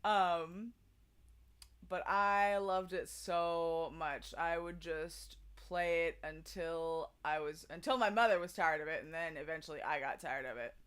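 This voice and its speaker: A young adult woman hosting a karaoke stream chats casually with her audience, rambling with many fillers and restarts. Her voice is low-pitched, a bit bright and smooth, at a measured pace with hardly any pauses.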